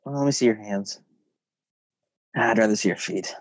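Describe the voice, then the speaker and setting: A man hosting a casual podcast chat, joking and animated, laughing often. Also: on the low side, normal speed, no room sound. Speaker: podcast host. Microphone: podcast mic.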